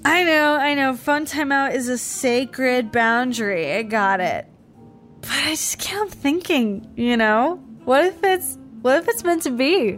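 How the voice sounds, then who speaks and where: A drunk, bubbly young woman rambles and repeats herself in an audio drama. Her pitch sits a touch high and swings widely. Faint music runs beneath her. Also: lively intonation, a little slow, a bit bright. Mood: dreamy. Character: tipsy young woman, giddy and lovestruck.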